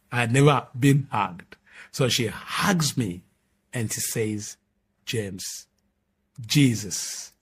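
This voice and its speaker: A Ugandan man around fifty, an apostle, earnestly telling his conversion story as a sermon, shifting between loud declarations and hushed moments. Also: mid-range voice, husky. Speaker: apostle giving his testimony. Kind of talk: preached personal testimony.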